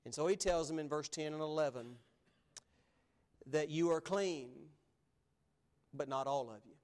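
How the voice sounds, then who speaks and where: A male pastor preaching a sermon in an animated, emphatic way, acting out the scripture he reads. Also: a little high, a little slow.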